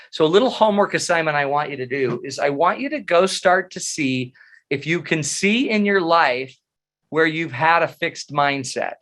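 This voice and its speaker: A man's voice: on the high side, a bit bright. A middle-aged man giving a webinar talk on psychology, telling stories with humor and animation. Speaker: presenter.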